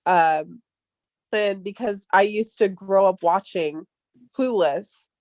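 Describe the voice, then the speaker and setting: A woman's voice: takes it slowly, a little mellow, dry recording. A young woman with a Valley Girl accent chatting casually, full of "like", casual swearing and frequent laughter. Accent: Californian Valley Girl. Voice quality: upspeak, peppered with "like", swears casually. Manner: chatty, laughs often, jumps in pitch when quoting. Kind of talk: casual chat.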